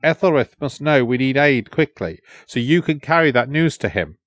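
A man voicing a scornful, blunt warrior in an audiobook, lifting his pitch slightly and sneering. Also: expressive, moderate pace, no echo, studio quality, lightly acted. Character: scornful older male warrior, mocking and blunt.

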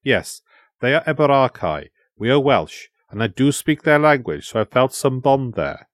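Calm reflective companion, man reading, earnest, even storybook delivery, dry sound. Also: medium pitch, moderate pace, no echo, natural voice. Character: thoughtful male Welsh companion, calm and earnest.

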